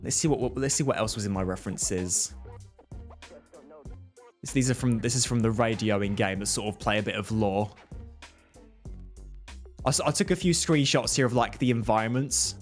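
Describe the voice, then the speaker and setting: A man's voice: on the low side, moderate pace, long pauses, faint music behind. A man chatting casually on a live stream while drawing, rambling through restarts and filler words. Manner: rambling, lots of fillers and restarts, laughs easily.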